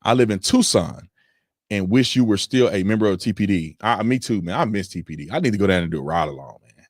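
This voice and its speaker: A man in his thirties hosting a casual livestream from home, reading viewer comments and telling stories with lively, animated delivery. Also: quick pace, no room sound, studio quality. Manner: animated storytelling, voice jumps high when excited. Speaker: livestream host reading super chats.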